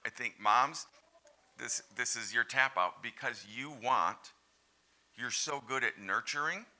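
A male pastor giving an animated, conversational sermon and asking the congregation direct questions. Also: mid-range voice.

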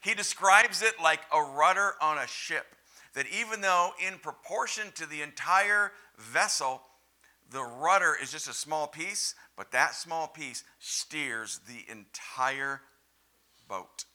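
A man preaching a sermon as pastor, stressing words hard and then dropping to hushed, low lines. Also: lively intonation, slow pace.

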